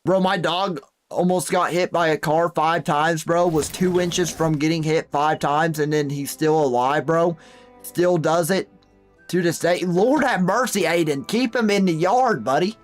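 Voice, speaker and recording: A man's voice: fairly high pitch, unhurried, faint music behind. A young man streaming a hunting game, chatting casually and reading viewer messages aloud with folksy exclamations. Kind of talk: casual live-stream commentary.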